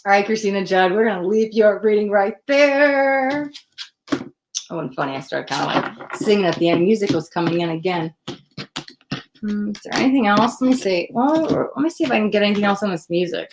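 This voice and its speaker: Woman, tarot-reading host, live-stream chat, mid-pitched, excitable, keeps interrupting herself. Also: brisk, background noise. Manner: chatty, excitable, self-interrupting, addresses viewer directly. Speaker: psychic tarot reader, host.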